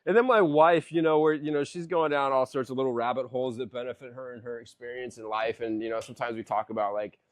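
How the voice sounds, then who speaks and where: A man's voice: medium pitch, steady tone, quick pace, hardly any pauses, no echo, clean studio sound. Profane, rambling man on a podcast. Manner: profane, rambling storyteller who says "dude" often. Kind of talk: casual podcast chat.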